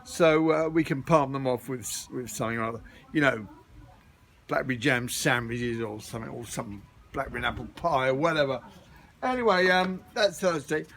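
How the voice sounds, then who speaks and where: A man's voice: mid-range voice, moderate pace, a bit bright, a little hiss or hum. Rambling, jokey man. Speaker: vlogger. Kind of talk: casual chat to camera. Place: outdoors at a community garden. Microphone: camera held by a friend filming.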